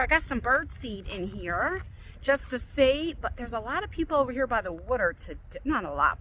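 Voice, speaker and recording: A woman in her forties chatting casually to her phone while walking around a lake park, rambling and animated as she tells stories. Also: on the high side, a little hiss or hum, rough recording. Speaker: vlogger.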